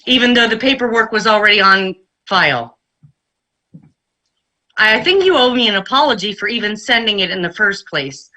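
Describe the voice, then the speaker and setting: Bright-voiced woman, indignant and pointed. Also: mid-range voice, normal speed, poor audio. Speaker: council member. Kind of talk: council meeting debate.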